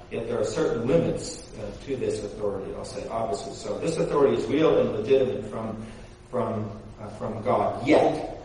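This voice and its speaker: A man's voice: mid-range voice, a little mellow, a little hiss or hum. A man preaching a sermon in a church in a conversational way, with many restarts and rhetorical questions to the congregation. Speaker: pastor. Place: church sanctuary. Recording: very echoey room from far off.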